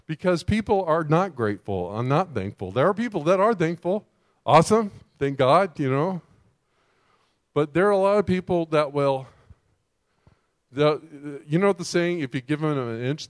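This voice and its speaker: A man preaching a sermon as a pastor, animated and emphatic, often putting rhetorical questions to his listeners. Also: on the high side, no echo, studio quality.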